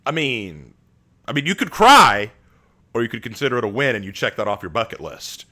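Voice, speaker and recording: Male streamer, casual live chat, bright tone, jokey and quick to laugh. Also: medium pitch, very animated. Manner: chatty, joking, laughs often, restarts words.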